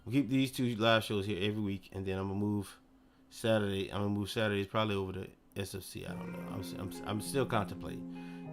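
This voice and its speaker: A man's voice: lowish voice, fairly even intonation, fast talker. A young man chatting casually on his gaming live stream, loose and slangy, rambling between topics. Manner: loose, slangy, rambling, lots of self-talk. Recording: faint music behind.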